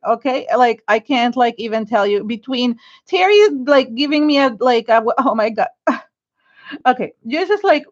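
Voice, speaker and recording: A woman's voice: on the high side, normal speed, highs cut off. Gushing, teary woman livestream host. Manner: gushing, emotional, thanks viewers and keeps restarting sentences. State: teary, near crying. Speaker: art journaling livestream host. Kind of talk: casual livestream chat while crafting.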